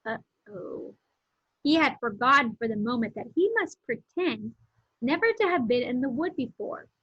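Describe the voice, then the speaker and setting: A woman reading a novel aloud, pausing to explain words and events in simple terms. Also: high-pitched, lively intonation, slightly rough, dry recording. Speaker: read-aloud narrator. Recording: dull lo-fi home recording.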